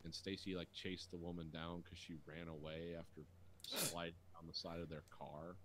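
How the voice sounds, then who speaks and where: A man's voice: little pitch movement, normal speed, noisy background. A man in his thirties co-hosting a podcast, telling stories in crude casual chat with frequent laughter. He swears freely and keeps slipping into mocking impressions of other people. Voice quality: profane, laughs often, mimics people in high voices. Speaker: podcast co-host.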